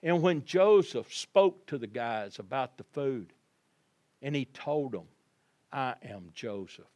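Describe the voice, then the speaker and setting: A male pastor preaching a sermon, telling the story vividly and addressing his congregation, moving between quiet passages and loud emphasis. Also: mid-range voice, expressive, measured pace, muffled recording. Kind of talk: Easter sermon.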